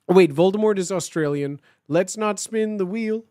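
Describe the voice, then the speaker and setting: A streamer host giving a comedic dramatic reading of fan fiction, with animated, swearing asides. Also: mid-range voice, normal speed, no room sound, studio quality.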